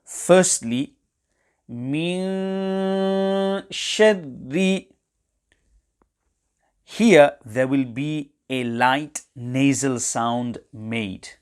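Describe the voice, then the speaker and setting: A man's voice: mid-range voice, slow pace, a little mellow. A man teaching Quran recitation in an instructional webinar, explaining pronunciation carefully and reciting short examples.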